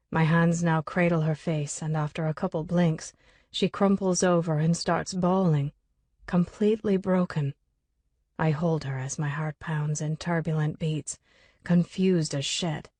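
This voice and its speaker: A woman's voice: deep voice, darkish tone, dry recording. A woman narrating a first-person audiobook chapter with an urgent, coarse inner voice.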